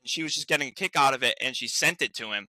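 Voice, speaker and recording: A man's voice: mid-range voice, fast talker, bright, forceful tone, no echo. A young man from Rhode Island, a guest actor, telling rambling stories in casual chat. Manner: rambling storyteller, many restarts and "like"s.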